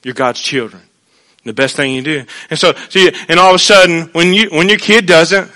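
A man preaching a sermon in a folksy way, dropping to hushed asides and rising to loud, emphatic points. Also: sits high, moderate pace.

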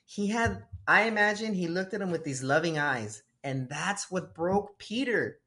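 Animated male tennis coach telling stories. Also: high voice, normal speed. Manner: animated storytelling, acts out voices of kids and God. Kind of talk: casual faith-based conversation.

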